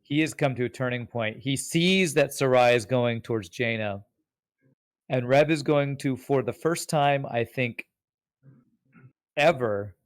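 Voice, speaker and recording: A man's voice: mid-range voice, measured pace, no echo. A man playing a tabletop game, thoughtfully explaining his character's choices in casual chat. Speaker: player.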